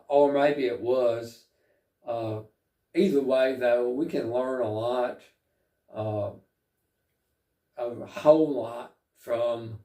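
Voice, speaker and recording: A man preaching a sermon, reflective and unhurried, pausing often with fillers as he reads and explains scripture. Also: mid-range voice, dark tone, echoey room, recorded from a distance. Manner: slow, reflective, with frequent pauses and fillers.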